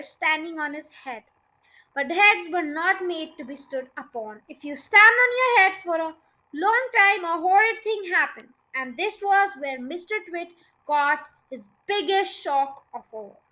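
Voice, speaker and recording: High, bright female storyteller. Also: lively intonation, measured pace, poor audio. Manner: chatty, stumbles over words. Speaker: podcast storyteller. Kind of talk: reading a children's book aloud.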